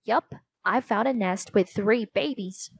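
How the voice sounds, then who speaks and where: A woman's voice: medium pitch, a little slow, vocal fry, slightly rough. Woman reading as an earnest falcon-loving boy. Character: eager boy who loves falcons.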